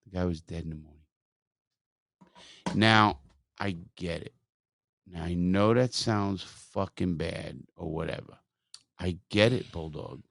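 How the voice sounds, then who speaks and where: A man hosting a podcast, telling a story in a blunt, profane, animated way. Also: low-pitched, a little slow, gravelly, long pauses, a little hiss or hum. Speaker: podcast host.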